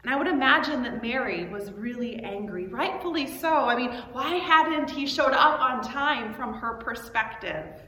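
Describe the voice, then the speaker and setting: A woman pastor giving a sermon and reading scripture aloud with earnest, expressive emphasis. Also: fairly high pitch, normal speed, hardly any pauses. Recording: echoey hall with long reverb, background noise.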